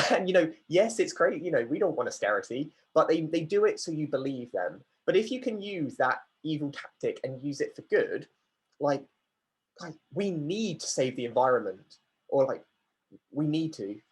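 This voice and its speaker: A man leads an online workshop, answering questions from the chat in a chatty, relaxed way. His voice is husky and sits a little high. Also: normal speed. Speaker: workshop facilitator.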